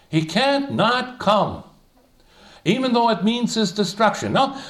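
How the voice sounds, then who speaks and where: An older man leading an informal Bible study, thinking aloud with many fillers and restarts as he explains a passage. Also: on the high side. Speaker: Bible teacher.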